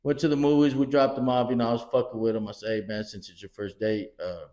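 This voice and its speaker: A man's voice: medium pitch, quick pace. A middle-aged man co-hosting a podcast, telling family stories in casual chat, swearing often and acting out what people said. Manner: animated storyteller, swears often, acts out quotes. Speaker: podcast co-host. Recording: roomy echo.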